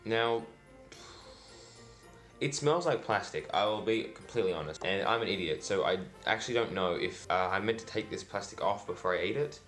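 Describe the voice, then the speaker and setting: A man's voice: fairly low pitch, lively intonation, normal speed, fairly bright tone, faint music behind. A man doing a casual food review vlog, dry and self-deprecating, rambling with lots of fillers. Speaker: food vlogger.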